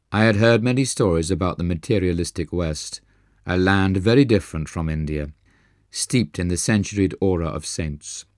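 Audiobook narrator, male, deep register, earnest measured delivery, dry booth sound. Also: darkish tone, no room sound.

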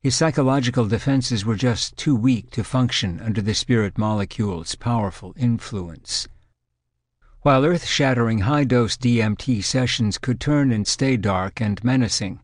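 Man giving measured audiobook narration. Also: on the low side, no room sound, clean studio sound. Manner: measured, clinical storytelling.

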